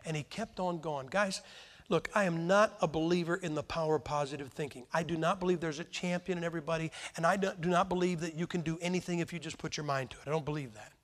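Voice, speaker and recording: An American man preaching a sermon, telling stories with lively emphasis and sudden swings between loud and quiet. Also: fairly high pitch, fast. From United States. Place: church hall with a crowd. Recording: long reverb from a large hall.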